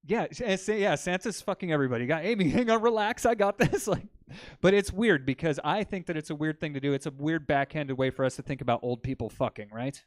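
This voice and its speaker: A man doing a stand-up comedy set in a comedy club, telling crude jokes with deadpan delivery and bantering with the crowd. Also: fairly high pitch, fast, dry recording.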